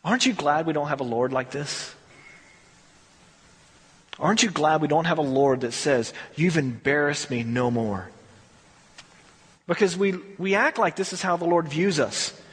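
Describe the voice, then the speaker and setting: A man's voice: on the high side, lively intonation, moderate pace, fairly bright tone, husky, long reverb tail. A man preaching a conversational sermon, telling the story and acting out what people say. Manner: conversational storytelling, acts out quotes. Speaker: pastor.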